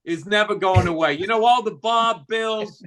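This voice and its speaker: A man's voice: high-pitched, normal speed, fairly bright tone. A middle-aged man with a Boston accent, co-hosting a podcast in casual comedic chat, ranting profanely and sarcastically. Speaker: podcast co-host.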